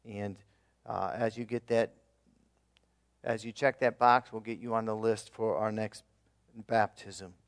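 A man preaching a sermon as pastor, earnestly leading his congregation in repeated declarations, with emphatic swings in loudness and occasional fillers. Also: on the low side, steady tone, unhurried, pauses often.

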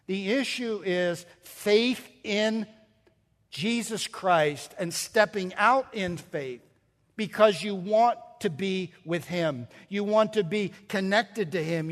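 Guy preaching a sermon, kinda high voice, slow and emphatic, explains greek grammar. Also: big-room sound. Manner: expository preaching, quotes scripture and Greek grammar, builds to emphatic peaks. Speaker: pastor.

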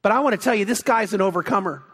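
Male pastor, high voice, animated storyteller, sanctuary reverb. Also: rapid-fire, breathy edge. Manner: animated storytelling, acts out quotes. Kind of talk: sermon. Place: church sanctuary. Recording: long hall reverb.

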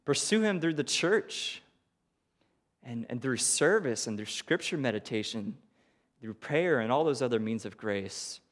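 Male pastor, mid pitch, lively rhetorical preaching style, long hall reverb. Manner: animated, questioning, with quick rhetorical asides. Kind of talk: sermon.

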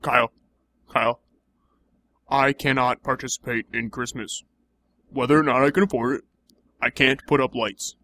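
A man's voice: medium pitch, steady tone, normal speed, long pauses, bright, forceful tone. A young man in improvised comedy banter, teasing and playfully mocking.

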